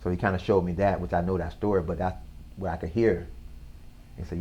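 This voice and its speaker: A man who is a guest on an interview show, earnestly telling a personal story in a slow, casual way with slang. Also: sits low, fairly even intonation, warm tone, a little hiss or hum.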